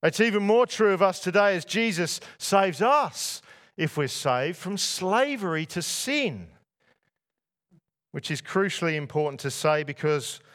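Man preaching a sermon, higher-pitched voice. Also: a bit bright. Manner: asks the congregation rhetorical questions. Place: church before a masked congregation.

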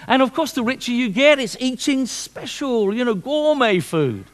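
A man preaching a sermon, lively and fond of repeating himself and asking rhetorical questions. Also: very high voice, normal speed, few pauses.

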